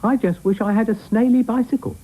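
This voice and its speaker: A man's voice: extremely high pitch, fairly even intonation, brisk, narrow, tinny audio, slight background noise, voice pushed up. A British man voicing a small, nosy male snail with an eager, whiny manner in a cartoon. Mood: chirpy.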